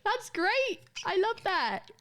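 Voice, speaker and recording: A woman's voice: very high voice, very animated, slow pace, very noisy. A British woman streaming live, chatting casually and laughing often as she teaches a spelling lesson to her viewers.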